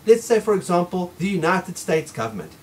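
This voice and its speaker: Man, host, opinion monologue, emphatic, insistent, repetitive, animated pitch. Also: fairly quick, slight background noise, poor audio.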